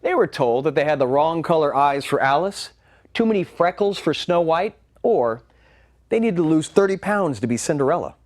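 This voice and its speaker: A man performing a wry, animated comic monologue as a solo storyteller. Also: on the high side, normal speed.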